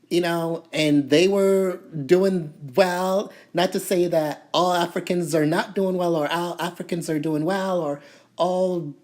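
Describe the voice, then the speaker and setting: A woman from Toronto telling a story to camera in a casual, animated way, full of "you know" fillers and indignation. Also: lowish voice. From Toronto, Canada. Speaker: vlogger.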